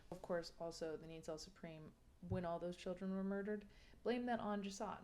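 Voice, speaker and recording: A woman's voice: on the low side, darkish tone. Exasperated woman ranting with swear-laced asides. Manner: exasperated, swears freely, drops into whispers for emphasis. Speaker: book reviewer. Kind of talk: casual ranting book review.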